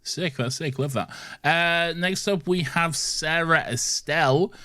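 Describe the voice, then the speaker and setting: A man's voice: on the high side, a little slow, sharp tone. A man co-hosting a rewatch podcast, chatting casually, laughing often and trading jokey banter. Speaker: podcast co-host. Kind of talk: casual chat.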